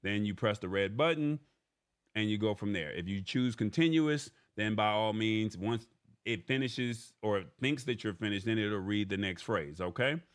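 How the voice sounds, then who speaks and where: A man's voice: lowish voice, normal speed, clear, resonant tone. Chatty man hosting a casual tech stream. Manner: chatty, repeats "all right?" often; reads from an article and paraphrases it. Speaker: tech show host.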